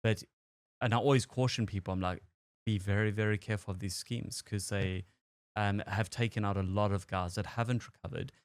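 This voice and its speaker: A man's voice: on the low side, steady tone, a little fast, smooth, no room sound. A man hosting a podcast interview, recapping the guest's story in a loose, conversational way with false starts. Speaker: podcast host. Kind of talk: casual interview chat.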